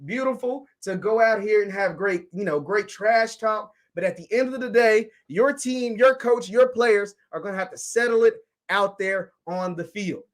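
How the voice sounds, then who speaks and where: A man hosts a casual sports call-in show, trading lively talk with callers. His voice sits very high for a man. He sounds animated and quick to laugh along. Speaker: host.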